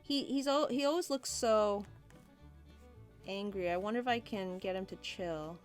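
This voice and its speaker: A woman's voice: medium pitch, unhurried, soft background music. A woman streaming a drawing session, chatting casually and giggling as she reads viewer comments aloud. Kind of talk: casual livestream chat.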